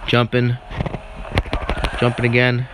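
Man, casual gameplay commentary, goofy rambling asides, mid-pitched voice, noisy home recording. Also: completely flat delivery, slow pace. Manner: goofy, rambling, joking asides, cheers at the screen. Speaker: mobile game let's-player. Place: at home with barking dogs.

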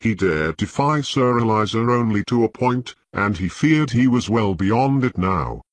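A man reading an audiobook in measured, scripted narration with a husky voice. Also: on the low side, lively intonation, dry recording.

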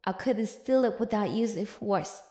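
A woman's voice: mid-range voice, a little slow, dark tone, voice pushed down, natural voice. A woman voicing a male assassin giving a report. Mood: tense. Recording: roomy echo.

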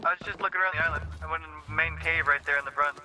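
A man's voice: a little high, fairly even intonation, very fast, bright, forceful tone. A man playing a game with a friend, chatting in an easygoing, teasing way. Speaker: gaming friend. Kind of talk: casual gaming chat.

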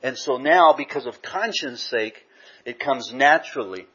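A man's voice: medium pitch, expressive, unhurried, fairly bright tone, breathy edge. A middle-aged man from Southern California preaching a sermon in a conversational way, with lots of "you know" asides. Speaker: pastor. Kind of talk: sermon with personal storytelling. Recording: dull lo-fi recording.

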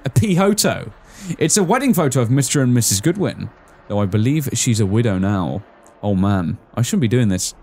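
A young man riffing through a horror game playthrough, chatty and joking as he reads lines off the screen. His pitch swings widely, rising sharply on surprises and dropping low for asides, in an ordinary mid-range voice. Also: lively intonation, moderate pace, few pauses, a little mellow. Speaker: gaming channel host. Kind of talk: casual let's-play commentary.

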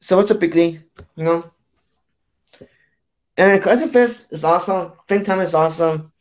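A man vlogging a rambling, profane rant, halting and repetitive, with frequent restarts and stammers. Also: high-pitched. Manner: profane, repetitive, keeps saying "you know what I'm saying". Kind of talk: rambling ranting monologue.

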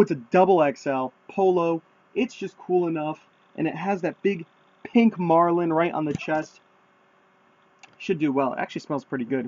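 A man casually showing off his thrift haul to viewers, chatty and excited, in a room at home. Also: a little high, a little hiss or hum. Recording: dull lo-fi sound.

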